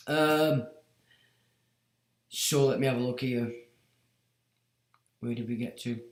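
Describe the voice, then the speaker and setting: A man's voice: mid-range voice, slow pace, long pauses. A man hosting a casual livestream, rambling bluntly with muttered asides and frequent swearing. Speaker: livestream host. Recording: roomy echo.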